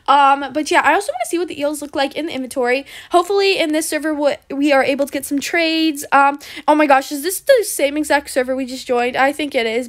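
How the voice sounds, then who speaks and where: A young woman chatting excitedly over a video game, with lots of ums and likes as she plays. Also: high voice. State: briefly out of breath. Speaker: gaming video host. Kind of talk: casual gameplay commentary.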